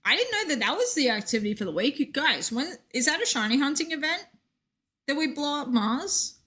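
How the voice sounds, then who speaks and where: A woman's voice: sits high, very animated, brisk, bright, forceful tone. A young woman streaming a game, chatting casually and reading out chat with joking asides.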